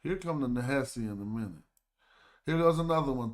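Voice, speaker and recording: A man speaks in at a mid pitch, hosting his own livestream in a loose, casual way. He thinks aloud as he reads, sounding out words slowly and drawing them out. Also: expressive. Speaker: livestream host. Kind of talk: casual livestream study talk.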